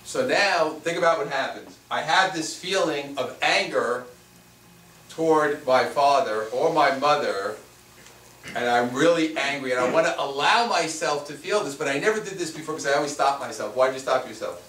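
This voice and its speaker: This spiritual teacher, whose voice sits a little high with a fairly bright tone, speaks at normal speed to a small workshop audience. He repeats himself and asks rhetorical questions, heard through a distant mic in an echoey room with faint noise.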